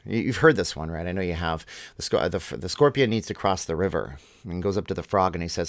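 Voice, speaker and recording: Man, vlog host, ranting commentary, low voice, dry close sound. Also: expressive, brisk, no echo. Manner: ranting, repeats and restarts words. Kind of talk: opinionated commentary.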